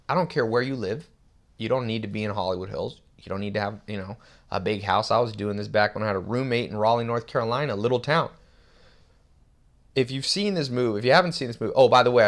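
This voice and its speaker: Man, low voice, rambling motivational monologue, emphatic bursts. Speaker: self-help host.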